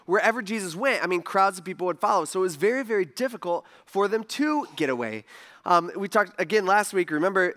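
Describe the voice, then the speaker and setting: A man's voice: high-pitched, fairly bright tone. A man preaching a casual sermon in a conversational way, full of asides and rhetorical questions. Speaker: pastor.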